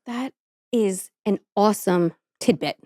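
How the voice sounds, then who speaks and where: Female podcast co-host, 30s, hyper and giggly, medium pitch, dry close sound. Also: dark tone, dry recording. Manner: hyper, giggly, quick to jump in. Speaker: podcast co-host and case researcher. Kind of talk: casual podcast banter.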